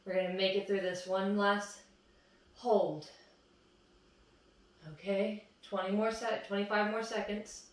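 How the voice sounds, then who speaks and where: A woman's voice: mid-range voice, little pitch movement, measured pace, long pauses. Breathless woman coaching a workout, echoey. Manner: encouraging, counts down reps. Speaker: fitness instructor. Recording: echoey room, far from mic.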